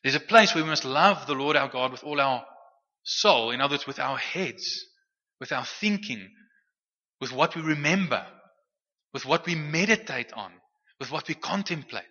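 A man's voice: a little high, animated, moderate pace, sharp tone. A man preaching a sermon in a conversational way, often restarting and repeating words. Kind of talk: sermon teaching. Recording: muffled sound with long hall reverb.

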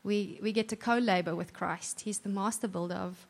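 At a normal speed, a woman with a medium-pitched, steady voice and some vocal fry preaches in church. She is earnest and warmly conversational, often restarting her sentences, and the audio has long hall reverb.

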